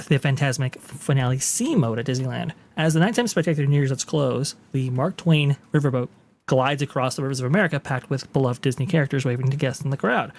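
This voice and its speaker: A man hosting a podcast, casually commenting on video clips in a chatty, explanatory way. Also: on the high side. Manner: chatty, explanatory, with frequent fillers. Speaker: podcast host.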